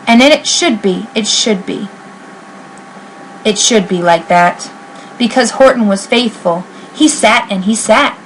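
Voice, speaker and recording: A woman reading a children's picture book aloud in an expressive, sing-song rhyming voice. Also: on the high side, takes it slowly, a little hiss or hum, low-quality recording. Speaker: reader.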